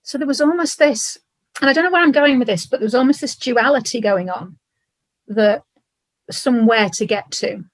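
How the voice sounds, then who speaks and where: Husky-voiced woman sharing a personal story. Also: on the high side, dry recording. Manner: reflective, halting, tearful at times. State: emotional. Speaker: podcast guest. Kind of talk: emotional personal conversation.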